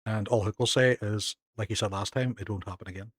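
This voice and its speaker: A Northern Irish man streaming a game live, chatting casually with viewers and thanking them, excitable and self-mocking. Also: fairly low pitch, fast, breathy edge, dry recording, studio quality. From Northern Ireland.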